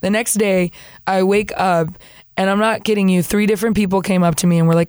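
A young woman from Peru, a guest telling her faith story in animated conversation, acting out what others said and laughing often. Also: mid-range voice, quick pace, clear, resonant tone, dry recording, studio quality. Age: young adult. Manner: animated, acts out quoted voices, laughs often. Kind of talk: lively storytelling testimony.

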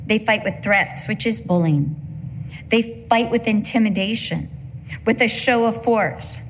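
A woman's voice: medium pitch, a little slow, slight background noise. A middle-aged woman preaching a sermon, earnest and emphatic, driving points home with repeated phrases.

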